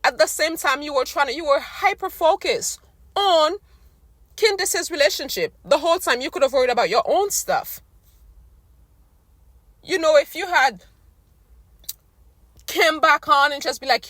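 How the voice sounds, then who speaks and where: A woman delivers a casual recap rant with blunt, slangy exasperation. Her voice is fairly high and swings widely in pitch, and it is going hoarse as she talks. The recording is dry, with no room sound. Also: expressive, normal speed, a bit bright, no room sound. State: losing her voice. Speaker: recap vlogger.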